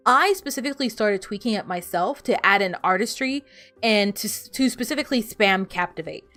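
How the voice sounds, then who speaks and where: A woman streamer rambles and laughs often while chatting casually during a game. Her medium-pitched voice is animated, fairly quick and a bit bright, with soft music playing in the background.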